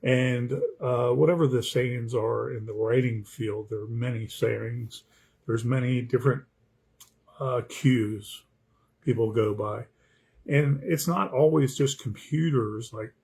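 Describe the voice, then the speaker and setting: A man's voice: mid-range voice, creaky, a little mellow, slightly rough. A man, an author, talking casually about writing, rambling and repeating words, often checking in with the listener. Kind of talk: casual talk on writing craft.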